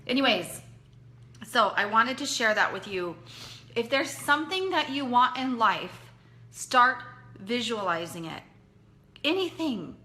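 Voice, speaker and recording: A woman's voice: on the high side, sing-song, a little slow, bright, forceful tone. A woman leading a direct sales team, speaking earnestly and conversationally as she motivates them, repeating points for emphasis.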